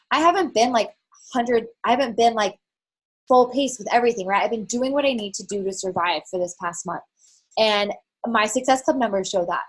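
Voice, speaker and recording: A woman coaching her team on a call, talking frankly and casually with lots of fillers and the odd swear word. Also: fairly high pitch. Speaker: network marketing fitness coach. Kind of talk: candid motivational team call talk.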